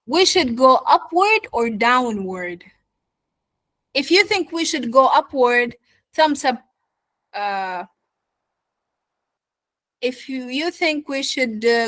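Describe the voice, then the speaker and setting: A woman's voice: fairly high pitch, a bit bright, dry recording, low-quality recording. Arabic-speaking woman teaching an accent class. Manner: checks in often with "yeah?" and "okay?"; switches to Arabic to explain. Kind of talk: online class lecture.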